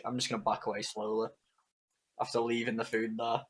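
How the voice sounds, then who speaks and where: A man's voice: fairly low pitch, completely flat delivery, fairly quick, breathy edge. A man playing a tabletop game, joking and swearing casually. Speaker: player. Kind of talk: casual tabletop role-play.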